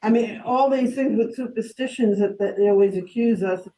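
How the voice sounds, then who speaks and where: A man's voice: high voice, normal speed, dark tone, low-quality recording. A man in a study class adding an offhand, plainspoken remark. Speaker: class participant. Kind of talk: comment in a study group.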